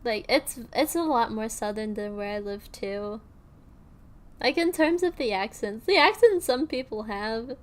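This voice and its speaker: A woman's voice: on the high side, expressive, unhurried. A young woman streaming, chatting casually and rambling with lots of fillers and restarts.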